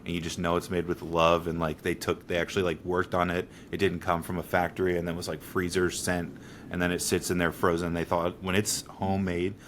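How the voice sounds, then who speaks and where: A man's voice: sits low, completely flat delivery, brisk, a bit bright, slight background noise. A man co-hosting a podcast in casual chat, rambling with fillers and laughing often. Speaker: podcast co-host.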